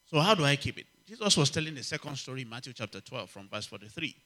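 A man preaching a sermon, emphatic and repetitive, calling out to the congregation and swinging from loud exclamations to quiet asides. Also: mid-range voice, big pitch swings, fast talker. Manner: emphatic, repeats key phrases, asks the congregation for response. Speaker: pastor.

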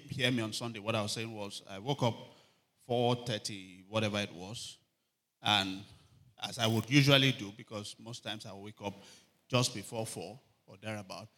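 Bright-voiced preacher man. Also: on the low side. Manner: animated storytelling, shouting quoted cries, frequent calls for amen. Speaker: pastor. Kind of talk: sermon.

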